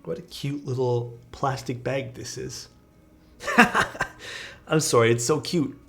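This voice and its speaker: A man's voice: mid-range voice, fairly even intonation, takes it slowly, gravelly, faint music behind. A young man chatting casually with his live-stream chat while building a keyboard, laid-back and self-deprecating, reading messages aloud.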